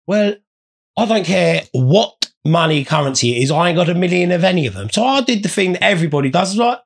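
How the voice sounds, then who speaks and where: A man's voice: on the high side, lively intonation, fairly quick, gravelly, husky. A man telling rambling, sweary comic anecdotes in a blokey way. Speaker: storyteller. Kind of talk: comic storytelling.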